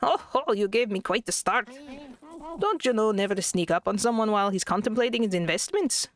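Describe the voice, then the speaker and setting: A woman's voice: medium pitch, lively intonation, brisk, natural voice. A woman voicing a miserly old male Scottish duck tycoon, reading game dialogue aloud in an attempted brogue. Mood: pompous.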